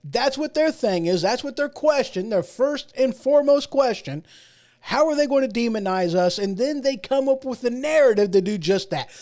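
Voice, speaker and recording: High-voiced man ranting on politics. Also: animated, normal speed, a little mellow. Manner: rambling, emphatic, sarcastic asides. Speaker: host. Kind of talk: casual political commentary.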